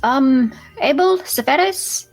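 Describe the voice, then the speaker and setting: Polite hesitant companion, high gravelly voice, slow, put on by a man. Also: expressive, full character voice, rough recording.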